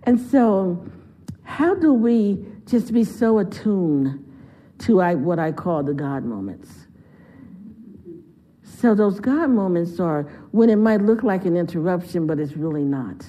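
A woman's voice: on the low side, very animated, a little slow, dark tone. A woman giving a heartfelt, conversational sermon as a guest speaker in a church. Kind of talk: sermon storytelling.

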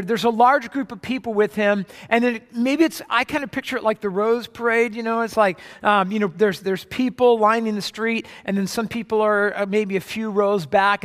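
A man's voice: high voice, a bit bright. A man preaching a sermon as pastor, in a conversational way with frequent restarts, recorded in a church sanctuary. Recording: long hall reverb.

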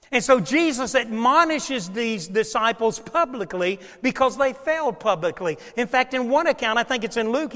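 High-voiced preaching man in a reverberant hall. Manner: preaching with dramatic swings between loud and hushed. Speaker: pastor. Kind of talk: sermon.

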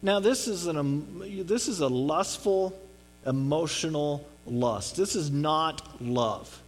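A man's voice: on the high side, expressive, slow pace. A man giving a conversational sermon on a Bible passage in an earnest way, often checking in with his listeners. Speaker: pastor.

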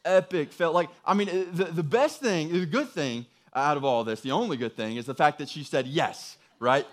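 A man's voice: medium pitch, slight background noise. A young adult man preaching a sermon by telling a personal story in a casual way, full of asides and rhetorical questions. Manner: casual storytelling, lots of "dude" and "right?". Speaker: pastor.

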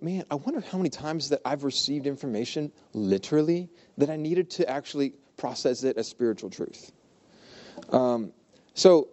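A man's voice: on the high side, dark tone, muffled recording. A man preaching a conversational sermon, informal and humorous, retelling the story with playful asides. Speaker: pastor.

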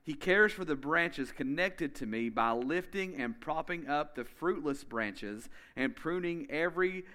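A man preaching a sermon as pastor, emphatic and energetic, speeding up in bursts and slowly repeating key phrases. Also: fairly high pitch. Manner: energetic, with quick bursts of speech.

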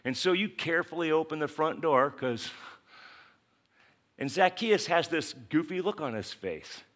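Male pastor, bright voice, animated storytelling sermon, acts out the characters. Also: on the high side, measured pace.

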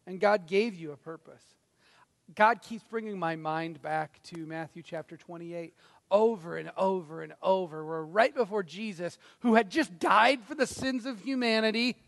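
A man preaching a sermon as pastor, dramatic, swinging from loud to hushed. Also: high-pitched. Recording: reverberant hall.

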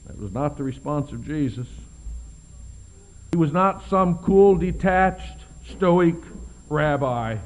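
A man preaches expressively, sinking into soft, hushed lows and climbing to loud, emphatic peaks, slowing down to stress key words. The audio quality is poor.

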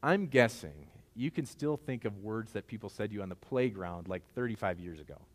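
A man's voice: lowish voice, lively intonation, a little fast. A man in his forties, a pastor giving a sermon in a conversational, storytelling way, often asking the congregation questions.

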